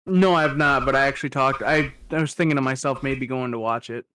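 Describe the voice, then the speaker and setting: A man in his thirties co-hosting a podcast, relaxed and rambling, with lots of "like". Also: mid-range voice, fast. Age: 30s. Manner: relaxed, rambling, full of "like" fillers. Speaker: podcast co-host. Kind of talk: casual chat.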